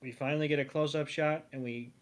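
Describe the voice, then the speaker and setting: A man's voice: fairly high pitch, fairly even intonation, fast talker. A man co-hosting a podcast, chatting casually through a cartoon episode with fillers and asides. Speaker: podcast co-host.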